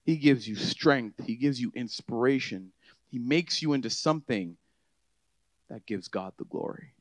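A man preaching a conversational sermon, shifting from quiet, easygoing asides to emphatic, rising declarations. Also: mid-range voice, a little slow, dry recording. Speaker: pastor.

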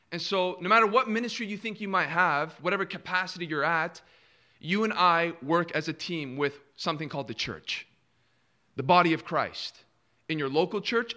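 A man preaching a sermon in a bright, forceful voice pitched a little above the usual male range. He leans on rhetorical questions, dropping to a near hush and then surging louder as he acts out what people say. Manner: rhetorical questions, acts out quoted replies with dramatic dips and swells in volume.

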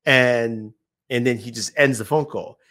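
A man's voice: mid-range voice, measured pace, sharp tone. A man, a YouTuber guest, telling anecdotes in casual chat, acting out the voices of people he quotes and laughing often.

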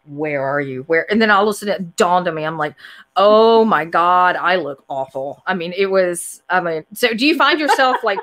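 Lively woman host, casual chat. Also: a little high. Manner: animated storytelling with laughs and quoted asides. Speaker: podcast host.

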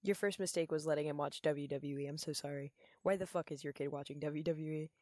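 A woman's voice: low-pitched, steady tone, brisk, darkish tone, no echo. A young woman co-hosting a podcast, chatting loosely with swearing and jokes in a studio. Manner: loose, profane, jokey. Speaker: podcast co-host. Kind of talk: casual chat.

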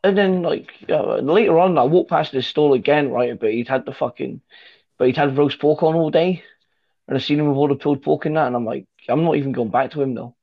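A man's voice: a little high, a little fast, vocal fry. A man telling a rambling, sweary anecdote in casual chat with friends, full of fillers and restarts. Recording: dull lo-fi recording.

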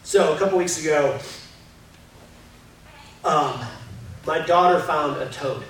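A pastor gives a loose, candid sermon, joking at his own expense and leaning on fillers. His voice sits fairly high for a man. It reaches the mic from across a very echoey church hall, with a faint noise underneath. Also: slow, a bit bright, distant mic. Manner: candid, self-deprecating, chatty with many fillers. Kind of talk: casual conversational sermon. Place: church auditorium.

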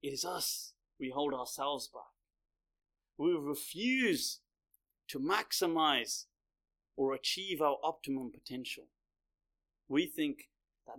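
A man's voice: on the high side, expressive, takes it slowly, long pauses, a bit bright. A male religious lecturer speaking conversationally, telling a story as part of a lecture.

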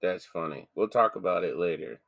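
A man's voice: sits low, animated, a little fast, gravelly, fairly bright tone. A man hosting a horror podcast from home, joking around, swearing casually and laughing often. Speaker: podcast host.

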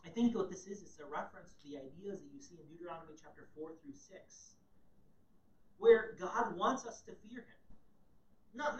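A man preaching a sermon as pastor, moving from loud, emphatic scripture reading to quiet, low asides. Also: lo-fi sound. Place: church sanctuary. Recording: echoey room, mic at a distance.

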